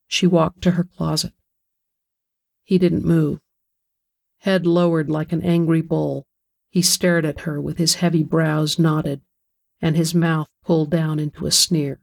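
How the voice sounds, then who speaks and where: A narrator reading a novel aloud in an even, measured storytelling manner. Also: medium pitch, vocal fry. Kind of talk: audiobook narration.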